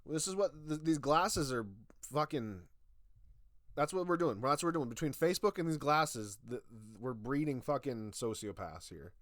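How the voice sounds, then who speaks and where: A man's voice: medium pitch, expressive, normal speed, a bit bright, no room sound, studio quality. A young man giving a profane, sarcastic rant as a YouTube reviewer. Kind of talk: ranting commentary.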